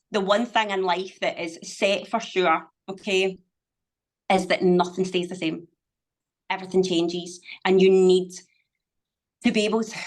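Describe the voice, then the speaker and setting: A middle-aged woman, speaking as a podcast guest in casual conversation, emphatic and motivational, swearing freely. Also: on the low side. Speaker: podcast guest, business owner.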